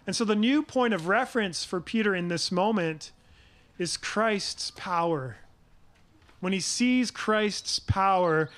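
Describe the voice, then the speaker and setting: Preaching with earnest conviction, a middle-aged male pastor keeps a measured pace in his fairly high, slightly bright voice. He lingers on key phrases with pauses and directs questions at the congregation.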